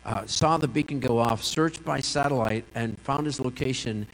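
A man's voice: medium pitch, normal speed. A man preaching a sermon as pastor, telling stories and asking repeated rhetorical questions. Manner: storytelling with a joking aside and repeated rhetorical questions. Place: church sanctuary. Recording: long reverb of a large hall.

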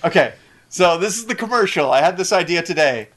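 A middle-aged man with a somewhat high voice chats on a podcast, rambling and halting with lots of fillers. He speaks casually. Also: expressive, crowd noise. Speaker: podcast co-host.

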